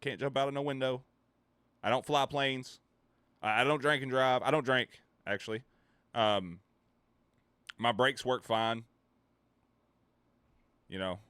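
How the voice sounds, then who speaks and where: A man streamer ranting in casual chat, animated, swearing and laughing between points. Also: mid-range voice, measured pace, long pauses, clean tone, no echo. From United States.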